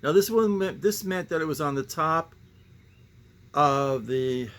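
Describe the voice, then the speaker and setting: A man's voice: a little high, lively intonation, measured pace, fairly bright tone. A man hosting a casual show-and-tell about his comic book collection, rambling and musing with sighing asides.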